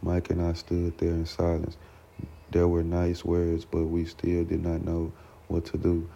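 A man reading a book aloud for a self-development lesson, steady and a little halting, with small slips and restarts, on a dull lo-fi recording. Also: deep voice, gravelly. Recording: dull lo-fi recording with faint noise.

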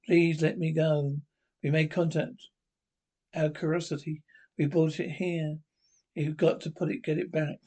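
A man's voice: a little high, little pitch movement, normal speed, pauses often, darkish tone. Man retelling a drama in terse lines. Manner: terse, reading out sound cues. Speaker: narrator. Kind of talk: retelling a drama aloud, with sound cues.

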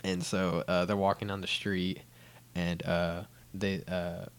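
Low-voiced man telling a rambling story. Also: level tone, slow, smooth. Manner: rambling storyteller, heavy fillers, tag questions. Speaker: podcast host. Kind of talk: casual chat.

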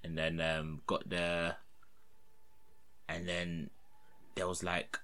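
A man's voice: low-pitched, completely flat delivery, takes it slowly, pushed and bright, clear, resonant tone. A young man, telling a story in casual, slangy, rambling podcast chat. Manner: rambling, slangy, often dropping to a mutter.

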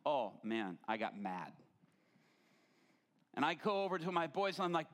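A middle-aged man preaching a sermon, telling stories animatedly and rising to near-shouts. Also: on the high side, animated, normal speed, pauses often. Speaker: pastor.

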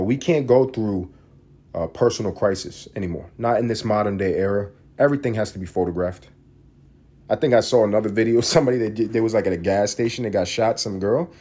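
A man's voice: fairly low pitch, warm tone, slightly rough. A man hosting a solo podcast, ranting in a profane, heated and sarcastic way. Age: adult parent. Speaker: podcast host.

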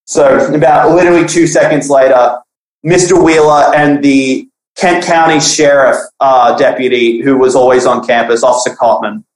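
A young man casually telling a profane school story on a podcast, animated, acting out the people he quotes. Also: mid-range voice, moderate pace. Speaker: podcast guest. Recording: echoey room.

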